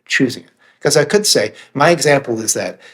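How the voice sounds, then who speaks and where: A guest on a podcast, this author and meditation teacher talks a little fast in a fairly bright, expressive, mid-range voice. The conversation is candid, and he is earnest and reflective, occasionally swearing for emphasis.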